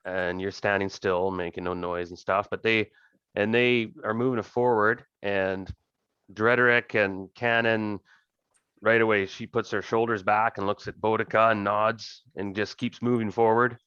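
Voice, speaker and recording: A man narrating as game master of an online tabletop game, relaxed and rambling with many fillers. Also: lowish voice, measured pace, smooth, dry recording, muffled recording.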